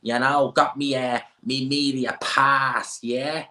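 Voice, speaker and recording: Brief: man doing a swaggering young Dublin lad, high, pushy, cocky drawl. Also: level tone, slow, sharp tone, reverberant. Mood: smug, drawling.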